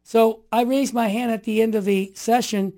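A man's voice: extremely high pitch, normal speed. Emphatic man in his sixties. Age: 60s. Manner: emphatic, animated, building to forceful outbursts. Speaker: interview guest. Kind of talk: storytelling conversation.

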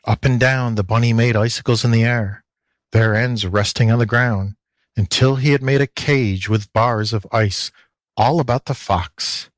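A man's voice: mid-range voice, steady tone, measured pace, dry recording. A man narrating a children's storybook for a volunteer audiobook.

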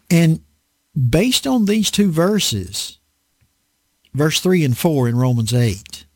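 A man's voice: on the high side, husky, no room sound. A man preaching a conversational Bible sermon in a dry indoor room, self-deprecating and acting out voices as he teaches.

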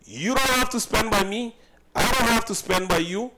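A high-pitched man from Saint Kitts, a cook who owns his own business, tells of a personal incident at a moderate pace over background noise. He sounds emphatic and indignant, and he repeats himself often.

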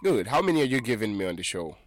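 A man's voice: fairly low pitch, big pitch swings, rapid-fire, no echo. A man hosting a call-in radio lesson, patiently coaching callers to repeat phrases and laughing easily. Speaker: radio host teaching French.

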